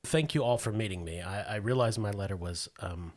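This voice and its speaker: A man voicing a grieving young woman agent who speaks softly and apologetically while quietly holding back. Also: lowish voice, fairly quick, voice pushed down, close to an everyday voice. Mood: subdued. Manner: soft, apologetic, quietly evasive.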